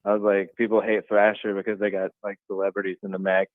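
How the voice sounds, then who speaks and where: A man's voice: on the low side, monotone, quick pace, no echo. A man co-hosting a casual chat over a remote call, easygoing and hedging with "I don't know". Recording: tinny call-in line.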